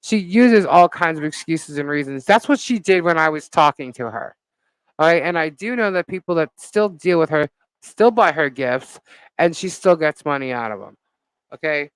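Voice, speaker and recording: A woman live-streaming as a vlogger, telling a gossip story in an animated, indignant way with lots of fillers. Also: deep voice, normal speed, clear, resonant tone, no room sound, low-quality recording.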